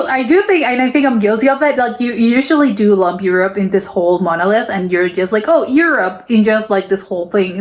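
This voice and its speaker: A young woman from South America talks through her reactions in a casual, chatty way. Her voice sits at a middle pitch for a woman, and she trips over her words and fills gaps with "like" as she goes. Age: young adult. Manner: chatty, animated, many restarts and fillers like "like". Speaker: reaction video host. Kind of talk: casual chat reacting to a video.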